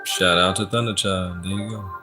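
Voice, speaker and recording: A man doing a casual live-stream tarot reading, laid-back and slangy, reading out the chat and giving shout-outs. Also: low-pitched, steady tone, moderate pace. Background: background music.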